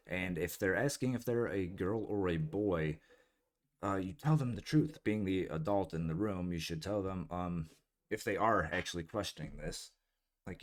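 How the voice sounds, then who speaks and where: A man's voice: sits low, normal speed. A man hosting casual political commentary in a blunt, scornful and profane way. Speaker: political commentary channel host.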